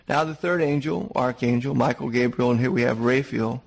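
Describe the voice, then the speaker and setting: Gravelly husky guy preaching, chatty and folksy, keeps fixing his own words. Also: medium pitch, fairly even intonation, moderate pace, hardly any pauses. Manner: folksy, conversational, self-correcting. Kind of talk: sermon.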